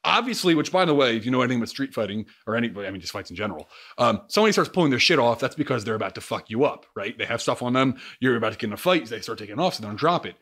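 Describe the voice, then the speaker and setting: A young man recounting a story for his channel, with a bright, forceful voice that swings widely in pitch. He talks with restless energy and heavy swearing, jumping between mumbled asides and loud bursts. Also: lively intonation, very fast, few pauses. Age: young adult. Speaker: YouTuber. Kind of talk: storytelling vlog.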